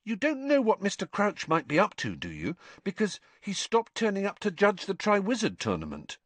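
A man's voice: high-pitched, wildly swooping pitch, moderate pace, no room sound, pitched above the performer's own voice, exaggerated voice. A man voicing an earnest, friendly teenage boy hero in a storybook reading. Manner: earnest, sometimes muttering.

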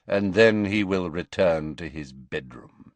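A man voicing a cold, sneering wizard who speaks slowly, lazily and silkily with a mocking edge, in a storybook reading. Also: low voice, lively intonation, no echo. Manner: slow, lazy, silky, mocking.

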